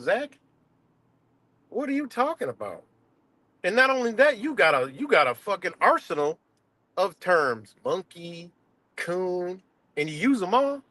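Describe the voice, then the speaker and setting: A man with a slightly high voice delivers a profane, confrontational rant on a live stream. He circles back to the same points over and over, cursing as he builds his case. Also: bright, forceful tone, no room sound.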